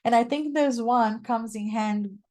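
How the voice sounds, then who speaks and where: A woman's voice: on the high side, measured pace, a little mellow. Woman presenting an advice webinar. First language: not English. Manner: explanatory, checks in with "right?". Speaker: guest speaker.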